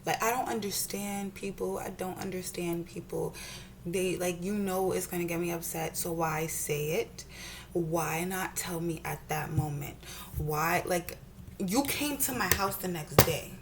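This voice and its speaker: A woman's voice: on the low side, unhurried, a little hiss or hum. A young woman vlogger ranting heatedly and profanely while doing her makeup at home, often repeating herself. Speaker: beauty vlogger.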